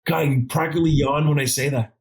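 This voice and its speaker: Lively, higher-voiced man telling a story. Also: fast, rough recording. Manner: animated, acts out dialogue in quotes, jokey asides. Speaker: podcast guest, advisor consultant. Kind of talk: casual storytelling interview.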